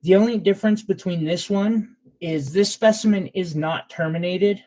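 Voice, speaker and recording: A man's voice: high voice, normal speed, darkish tone. A man selling gemstones on a live stream, chatting in a casual, sentimental way with loose fillers. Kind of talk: casual live sales chat.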